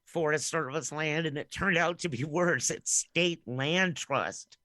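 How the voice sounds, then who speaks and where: A woman's voice: sits low, unhurried, bright, forceful tone, no room sound, clean studio sound. A woman co-hosting a podcast in casual chat, making wry jokes. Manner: wry, joking. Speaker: podcast co-host.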